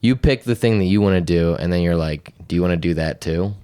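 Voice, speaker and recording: Low-voiced, teasing podcast co-host man. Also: a little fast, mellow, slight background noise. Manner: laid-back, teasing, laughs often. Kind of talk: casual comedy chat.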